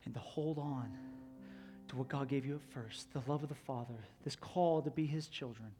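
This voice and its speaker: A man preaching a sermon, earnest and conversational, swinging between loud, urgent passages and soft, slow reflective ones. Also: mid-range voice, music in the background. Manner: earnest storytelling, rises to near-shouts retelling a film scene; drops to soft, slow delivery on reflective lines. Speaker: pastor.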